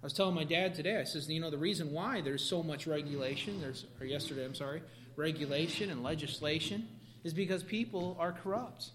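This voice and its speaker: Male preacher, high bright voice, animated delivery with sudden loud bursts. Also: fairly quick. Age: adult parent. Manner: animated, shifting from quiet to sudden shouts. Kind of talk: sermon.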